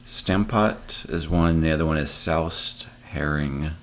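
Man, extremely low creaky voice, laid-back and dry. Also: slow pace, a little hiss or hum. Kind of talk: casual chat.

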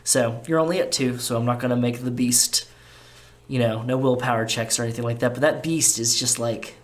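A man narrating as game master in a relaxed, casual way with many fillers. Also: medium pitch, a little fast.

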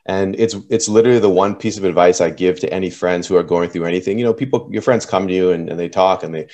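A man's voice: sits low, fast, a little mellow, highs cut off. A man hosting a podcast interview, asking questions in an easygoing way with frequent affirming murmurs. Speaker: podcast host. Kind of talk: casual interview talk.

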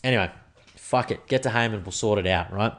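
A young Australian man, a podcast host, telling a story in a casual, animated and slangy way, swearing freely as he talks from home. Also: on the low side, brisk. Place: indoors at home.

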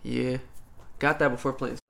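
A young college athlete in casual chat, telling stories in a laid-back, slangy way with plenty of swearing. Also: male voice, medium pitch, level tone, normal speed, gravelly, a bit bright. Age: young adult.

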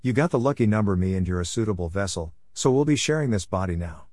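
A man's voice: on the low side, expressive, fast, a little mellow, no echo, clean studio sound. A man voicing a scheming, boastful male affliction spirit who mocks and gloats in a storybook tale. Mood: gloating.

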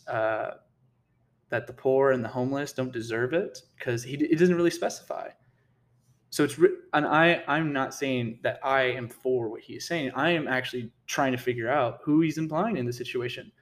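A man delivering a casual commentary rant in a middle-pitched voice. He sounds heated and indignant throughout, tripping over his words and restarting sentences as he argues. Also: moderate pace, fairly bright tone. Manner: heated, indignant, repeats himself and restarts often. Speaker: political commentator.

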